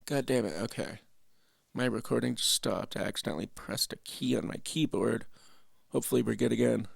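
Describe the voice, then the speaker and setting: A man's voice: mid-range voice, fairly quick, vocal fry, breathy edge, no echo, studio quality. A man from Canada hosting, giving casual, rambling, profane reaction commentary with laughing asides at a home desk mic. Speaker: host.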